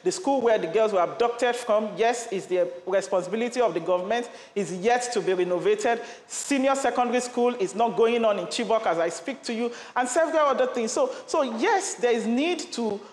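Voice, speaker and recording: A woman's voice: on the high side, fairly quick, few pauses, darkish tone. A woman campaign advocate answering in a news interview, earnest, often restarting her sentences and repeating phrases for emphasis. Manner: earnest, stammering restarts, rhetorical repetition. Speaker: campaign advocate, studio guest. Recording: echoey, reverberant room sound.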